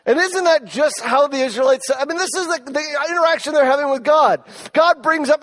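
A middle-aged male pastor preaching a sermon, telling stories in an animated way and rising in force for emphasis. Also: quick pace. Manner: animated storytelling, rises in pitch and force for emphasis.

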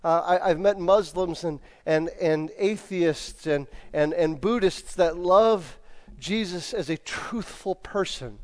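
A man's voice: high-pitched, slow, a little mellow. A man preaching a sermon in a church, talking in a casual, conversational way and acting out the lines he quotes. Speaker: pastor.

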